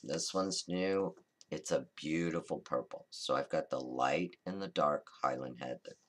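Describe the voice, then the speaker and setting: A man hosting a card-making tutorial, talking through a coloring demonstration in a relaxed, chatty, reassuring way and often correcting himself mid-sentence. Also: very deep voice, unhurried. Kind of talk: casual step-by-step crafting demonstration.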